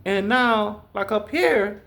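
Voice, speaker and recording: Animated, swearing man. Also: high-pitched, slow, vocal fry. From Southeast Georgia, US. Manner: profane, blunt, animated storytelling. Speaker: vlogger. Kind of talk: casual rambling monologue.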